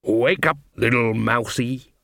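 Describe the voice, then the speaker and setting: A man reading an audiobook, voicing a brutish one-eyed tomcat turned into a man, slow and gruff. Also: medium pitch, fairly bright tone, no room sound, studio quality. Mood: menacing.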